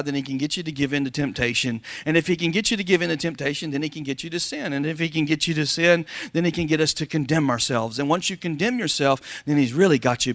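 A man preaching a sermon as pastor to his congregation, calling for amens and reading scripture slowly and loudly. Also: on the high side, no room sound. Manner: preaching with call-and-response, slowing and rising to read scripture. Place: church sanctuary before a congregation.

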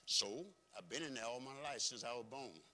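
A man preaching a folksy, emphatic sermon as pastor, swinging between soft and loud. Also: medium pitch, lively intonation, normal speed. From rural background.

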